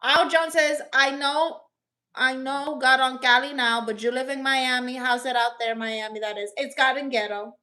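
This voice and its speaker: A woman's voice: high voice, fairly even intonation, normal speed, pushed and bright. A woman hosting a casual livestream indoors, reading viewer comments aloud and answering bluntly and sassily, dropping Spanish exclamations as she goes. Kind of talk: casual live chat. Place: rented apartment indoors.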